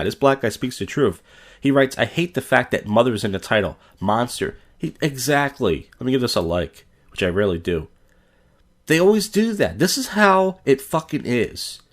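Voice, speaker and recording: A man hosting a podcast, giving blunt, profane commentary on viral clips. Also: medium pitch. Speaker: podcast host.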